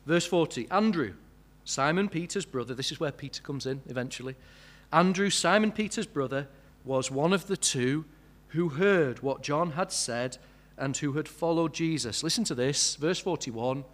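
A man's voice: on the high side, normal speed. Questioning male preacher. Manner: conversational, asks many questions, builds to emphatic peaks. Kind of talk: sermon.

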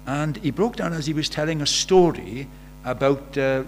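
Speaking at a moderate pace in a fairly high voice, a man delivers a conversational sermon full of rhetorical questions for the congregation. The recording carries a faint mains hum.

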